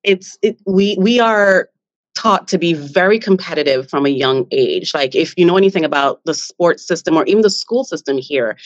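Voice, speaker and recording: A woman from Jamaica, a podcast guest talking with confidence and an animated lift, laughing often. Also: on the low side, moderate pace, dry recording, dull audio. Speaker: guest, business founder. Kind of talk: podcast interview.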